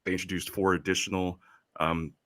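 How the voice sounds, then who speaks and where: Deep, bright-toned male news co-host. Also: flat delivery, no room sound. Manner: measured, hedging with frequent ums. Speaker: podcast co-host reading headlines. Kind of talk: casual news chat.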